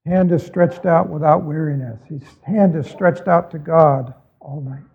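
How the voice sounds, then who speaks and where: A man's voice: a little high, measured pace, gravelly, breathy edge. A man preaching a sermon as a pastor, earnestly reading scripture and asking his listeners reflective questions. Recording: tinny phone-like recording.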